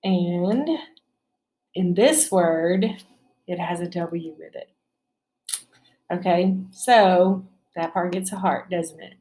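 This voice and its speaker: A woman's voice: fairly low pitch, slow pace, pauses often, warm tone. A woman teacher leading a spelling lesson for children, patiently sounding out each syllable and checking in with "right?".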